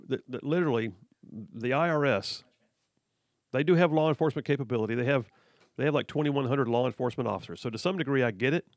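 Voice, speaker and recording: A man hosting a talk radio show, speaking in an energetic, emphatic and folksy way. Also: mid-range voice, no echo, clean studio sound. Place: radio studio. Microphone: studio mic.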